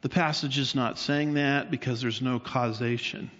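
A man's voice: mid-range voice, steady tone, moderate pace, a bit bright. A man teaching the Bible in a sermon, explaining at length and asking his listeners rhetorical questions. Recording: dull sound with long hall reverb.

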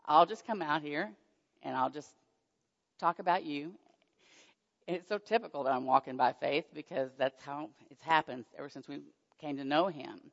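At a moderate pace, an older guest speaker with a Texan accent, though born in Oklahoma, nervously recounts her faith testimony to a church hall audience. She pokes fun at herself, chats through her stories and voices the conversations with leaps in pitch, all in a dull, echoing recording.

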